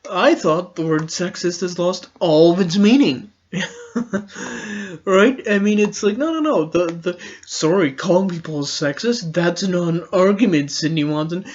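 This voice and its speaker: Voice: mid-range voice, lively intonation, a little slow, lo-fi sound. A podcast host giving a casual political commentary monologue, rambling and sarcastic, often laughing.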